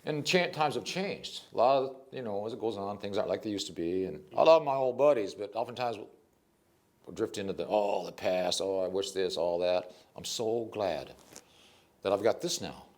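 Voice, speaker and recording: An older man, a poet, telling stories in a casual interview, animated and rambling, with frequent restarts. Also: fairly low pitch, normal speed.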